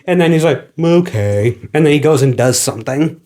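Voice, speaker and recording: A man co-hosting a casual podcast chat, rambling through an animated retelling full of acted quotes. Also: a little high, fast talker. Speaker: podcast co-host.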